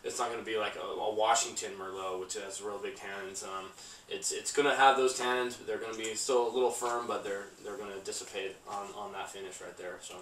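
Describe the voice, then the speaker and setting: Guy from a winery rambling about wine, lots of uh and restarts, bright tone, roomy sound from a distant mic, bit of background hiss. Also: on the low side, fairly even intonation. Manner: halting, many restarts and fillers. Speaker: winery guest. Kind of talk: casual wine tasting chat.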